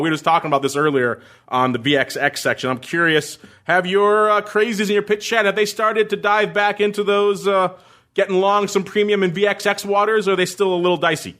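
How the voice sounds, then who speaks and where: A man's voice: high voice, fairly bright tone. A man hosting a podcast in casual chat, joking and laughing as he reads listener messages. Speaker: podcast host.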